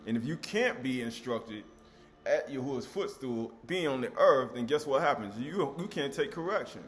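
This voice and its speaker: Male scripture teacher, mid-pitched, emphatic and repetitive, quiet music underneath. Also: expressive, moderate pace. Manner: emphatic, repeats key words, asks rhetorical questions.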